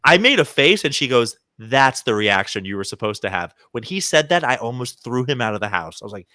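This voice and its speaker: Man, podcast co-host, lively storyteller, bright tone, dry close sound. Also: mid-range voice, brisk, no echo. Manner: animated storyteller, acts out quoted people. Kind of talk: casual chat, storytelling.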